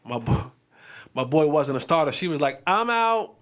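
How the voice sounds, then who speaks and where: A man hosting a sports show, giving game picks in a casual, animated and playful way, repeating phrases for emphasis. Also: mid-range voice, moderate pace.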